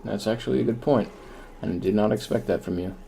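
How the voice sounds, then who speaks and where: A man's voice: lowish voice, quick pace, gravelly, dark tone, slight background noise. A man hosting comedic gaming banter, teasing and explaining in a wry way. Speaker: host.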